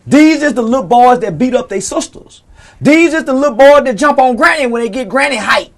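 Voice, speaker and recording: A man's voice: extremely high pitch, expressive, fairly quick. A man speaking as an interview guest, giving a heated, profane and preachy rant that leans on scripture.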